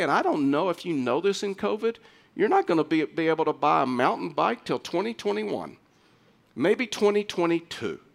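Earnest preaching man, fairly high voice. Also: creaky. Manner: earnest, conversational preaching with halting restarts. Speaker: pastor. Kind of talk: sermon.

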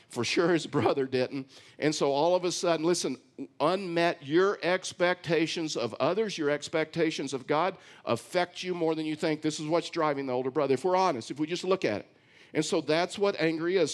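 A male pastor preaches in an emphatic, repetitive style, reading a passage and then unpacking it for the congregation. His voice sits a little higher than most men's. He keeps pulling the listeners back in with short calls for attention. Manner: emphatic preaching, repeats phrases, often says "listen"; reads scripture aloud, then comments on it. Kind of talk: sermon.

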